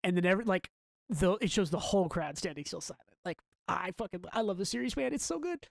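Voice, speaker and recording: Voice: medium pitch, lively intonation, fast talker, gravelly, no echo, studio quality. A podcast co-host in a casual manga book-club discussion. They talk eagerly and keep reading out the characters' dialogue between their own comments.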